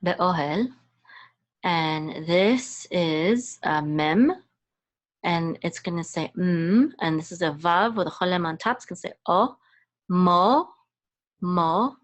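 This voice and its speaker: A woman with a slightly low voice gives a Hebrew reading lesson. She speaks very slowly, hesitating often and restarting her phrases as she sounds out each letter and vowel one by one. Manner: patient, hesitant, many fillers and restarts; spells out sounds and syllables one by one. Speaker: Hebrew and Torah chanting teacher. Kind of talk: slow step-by-step reading lesson.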